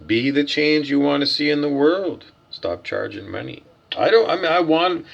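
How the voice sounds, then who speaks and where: A man with a husky, gravelly voice rants like a preacher in a vlog, firing questions at himself and answering them bluntly, swearing freely. His voice sits slightly high for a man. The recording sounds dull and muffled. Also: normal speed. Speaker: self-styled spiritual teacher. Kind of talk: ranting vlog monologue.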